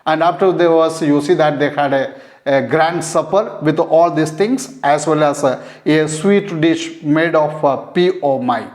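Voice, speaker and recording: A man teaching an English lesson, going through a story line by line. He glosses word meanings plainly and rephrases them, often saying "you see that" and pausing on "uh". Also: a little high, darkish tone. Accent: Indian English. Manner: frequent "you see that" and hesitant "uh". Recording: echoey room.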